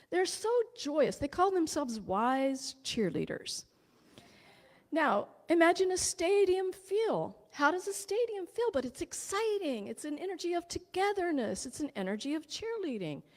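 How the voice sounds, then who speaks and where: A woman with a somewhat high voice gives an inspirational spiritual talk, full of joyful enthusiasm. She speaks as a teacher and channeler. Her voice rings with a long reverb.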